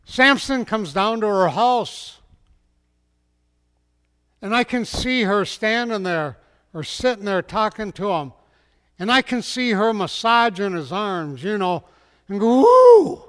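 A man's voice: sits high, slow pace, pauses often, a bit bright, smooth. A man preaching a storytelling sermon in a folksy way, speaking directly to his listeners. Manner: folksy, addresses the audience directly. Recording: long hall reverb.

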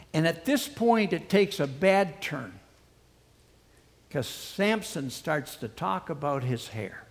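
Animated male preacher in an echoey hall. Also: fairly high pitch, slow. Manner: animated, conversational retelling with asides. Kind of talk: sermon storytelling.

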